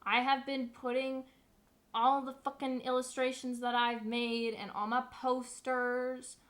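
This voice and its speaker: Bright, profane young woman streamer. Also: high voice, unhurried. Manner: profane, animated storytelling. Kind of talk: casual livestream chat.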